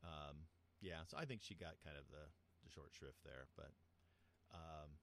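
Deep-voiced chatty man. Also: a little slow, vocal fry, a little hiss or hum. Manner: chatty, animated storyteller. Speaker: podcast co-host. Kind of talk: casual chat.

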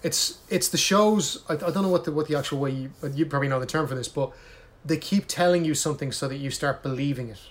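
A man's voice: a little high, quick pace. A man in casual chat with a friend, ranting animatedly and swearing heavily.

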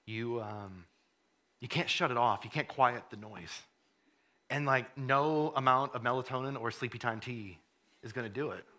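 A man preaching a sermon, conversational, repeating words as he goes, then rising to fervent emphasis and dropping to a hush. He says he has a cold. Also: mid-range voice, normal speed. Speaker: pastor.

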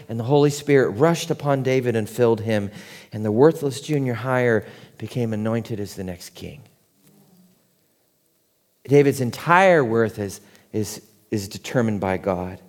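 A man in his forties, a pastor preaching a conversational sermon that swings from quiet and tender to loud and excited. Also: mid-range voice. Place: church sanctuary. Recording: long hall reverb.

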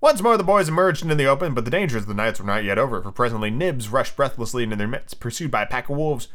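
A man hosting a casual podcast, reading a children's novel aloud and chatting excitedly about it. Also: mid-range voice, fast. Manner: animated, chatty, reacting loudly to the story. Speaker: podcast host.

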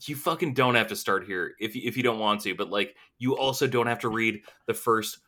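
A man's voice: fairly low pitch, a little fast, pushed and bright. A young adult man hosting a podcast, talking emphatically and profanely in casual chat, laughing often. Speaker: podcast host.

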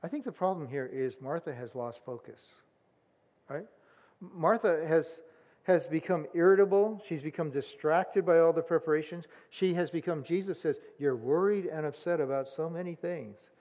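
A man preaching a sermon in a conversational, animated way, acting out the voices of people in the story. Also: on the high side, moderate pace, in a large hall. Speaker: pastor.

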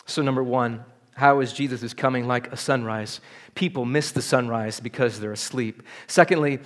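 A man's voice: medium pitch, normal speed. A man preaching a sermon at a church service, earnest and building to urgent appeals. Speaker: pastor.

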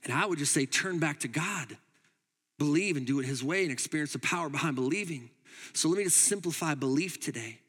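Emphatic pastor preaching in a reverberant hall. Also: male voice, fairly high pitch, animated, a little fast, husky. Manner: emphatic, swings between loud urging and quiet asides. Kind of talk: sermon. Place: church hall.

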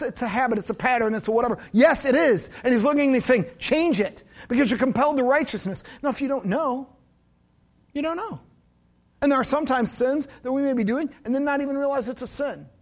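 A man preaching a sermon to his congregation, conversational and joking with asides. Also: very high voice. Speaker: pastor.

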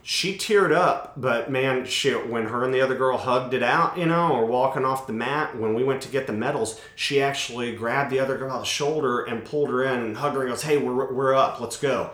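A man's voice: medium pitch, brisk, few pauses, a bit bright. A man and parent talking casually about his daughter, rambling with lots of fillers. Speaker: parent of a young athlete. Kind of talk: casual chat. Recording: echoey room.

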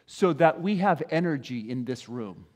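A male pastor giving a conversational, animated sermon, often putting questions to his congregation. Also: mid-range voice, normal speed. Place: church sanctuary. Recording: reverberant church hall.

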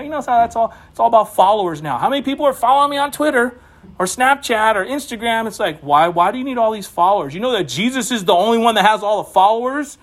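A man's voice: very high-pitched, fast. A man preaching an informal sermon in a conversational way, getting emphatic at times. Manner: conversational, emphatic, rising to animated exhortation.

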